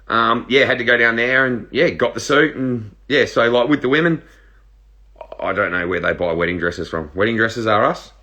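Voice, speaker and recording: An Australian man in his thirties, casually reading viewer questions out loud and answering them in a laid-back, joking way. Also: mid-range voice, normal speed. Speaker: reality show contestant answering live viewer questions. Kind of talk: casual live-stream Q&A.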